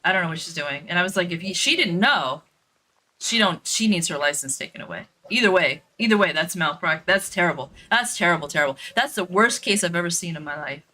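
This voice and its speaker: Blunt, bright-voiced woman telling a story. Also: on the low side, lively intonation, brisk. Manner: blunt and profane, with many fillers and repeats. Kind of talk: casual storytelling while streaming a game.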